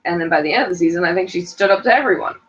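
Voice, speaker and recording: A woman's voice: fairly low pitch, rapid-fire. A middle-aged woman co-hosting a casual chat show, talking in a chatty way and laughing often. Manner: animated, chatty, laughs a lot, puts on voices to quote people. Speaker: co-host, mother. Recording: dull lo-fi recording.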